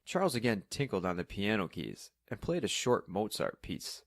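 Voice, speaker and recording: Brief: calm male narrator, low voice, dry close sound, steady storybook delivery. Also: moderate pace, vocal fry, dry recording. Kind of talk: scripted audiobook narration.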